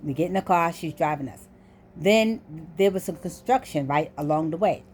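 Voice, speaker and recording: A woman's voice: sits low, normal speed, darkish tone, a little hiss or hum. A woman casually telling a story to her viewers, acting out what the people in it said. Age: adult. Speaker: vlogger.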